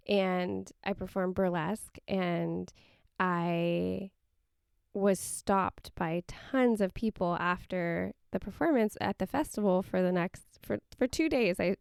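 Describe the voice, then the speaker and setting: A woman's voice: lowish voice, gravelly, a little mellow, smooth, dry recording, studio quality. A woman co-hosting a casual kitchen-table podcast, telling a personal story in a candid, reflective way. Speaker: podcast co-host.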